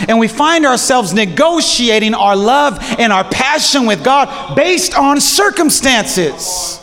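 High-voiced preacher in a reverberant hall. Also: male voice, measured pace, hardly any pauses. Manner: casual slang, animated storytelling. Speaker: pastor. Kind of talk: sermon.

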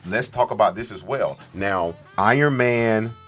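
A man co-hosting a podcast, rambling excitedly about films, swearing often and breaking into loud impressions. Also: lowish voice, measured pace. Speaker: podcast co-host. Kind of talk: excited film chat.

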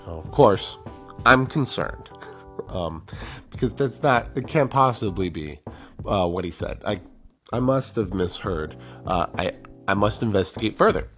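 A man's voice: fairly low pitch, expressive, unhurried, a bit bright, soft background music. A middle-aged male teacher telling a story from his classroom in a casual, self-mocking way, acting out the people he quotes.

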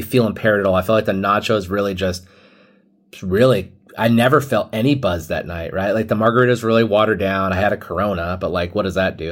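Low-voiced man telling a rambling story. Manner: rambling, filler-heavy, quotes others. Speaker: podcast host. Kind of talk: casual storytelling.

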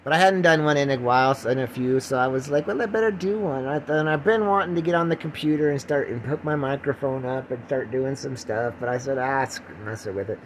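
An older man hosts a loose, rambling solo podcast, restarting and correcting himself as he goes. He speaks in his own plain, middle-pitched voice. It is recorded on a phone. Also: fairly quick, few pauses, a little hiss or hum, poor audio. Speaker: podcast host. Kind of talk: casual rambling monologue.

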